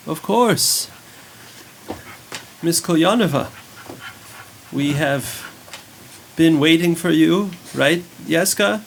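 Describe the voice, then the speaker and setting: A kindly old priest in a tabletop game, put on by a man, unhurried and pious in his formal speech. The voice sits low with a gravelly texture. A faint hiss runs underneath. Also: poor audio. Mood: gracious. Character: elderly kindly male village priest.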